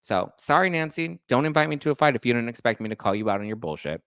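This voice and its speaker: A man's voice: mid-range voice, expressive, fast talker, fairly bright tone, clear, resonant tone, no echo. Sassy ranting male podcast host. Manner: sassy, ranting, acts out both sides of arguments. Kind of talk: heated commentary.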